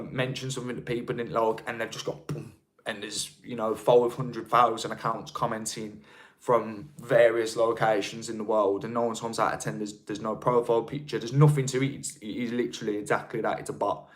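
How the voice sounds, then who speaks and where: A man with a Birmingham accent, chatting casually on a live stream and answering viewer comments. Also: mid-range voice. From England. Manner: chatty, rambling, with frequent restarts. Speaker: livestream host.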